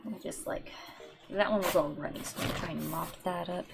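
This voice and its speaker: A woman's voice: fairly low pitch, fairly quick, vocal fry, noisy background. A woman streamer chatting casually in a rambling, filler-heavy way while she paints.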